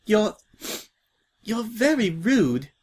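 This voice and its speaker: A man's voice: fairly high pitch, sing-song, unhurried, breathy edge, voice pushed up, exaggerated voice. A man voicing a timid, prim young filly who speaks politely and formally, hesitant and tearful.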